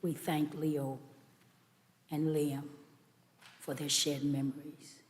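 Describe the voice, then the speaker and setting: A man officiating at a funeral service, making a slow, measured formal announcement. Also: fairly high pitch, little pitch movement. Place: church sanctuary. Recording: distant voice in an echoey church with faint noise.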